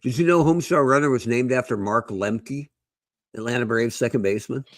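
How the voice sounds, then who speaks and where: A man's voice: medium pitch, fairly quick, no room sound. A man co-hosting a casual podcast who tells stories with animation and laughs often. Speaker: podcast co-host.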